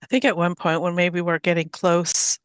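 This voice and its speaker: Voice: mid-range voice, level tone, moderate pace, fairly bright tone, clear, resonant tone, no room sound. A tabletop game player describing their character's actions in a hesitant, filler-heavy way. The voice sits mid-range, and the recording is dry and close. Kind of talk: casual play description.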